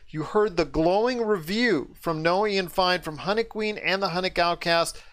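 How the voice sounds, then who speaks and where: Upbeat male podcast host from the States, fairly high voice, stretches words for emphasis. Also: fairly bright tone. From United States. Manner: enthusiastic, drawn-out emphasis. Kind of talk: casual podcast chat.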